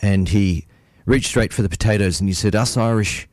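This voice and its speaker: A man hosting a radio folk music show, talking casually with many pauses and fillers. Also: deep voice, darkish tone, no room sound, clean studio sound. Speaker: radio host.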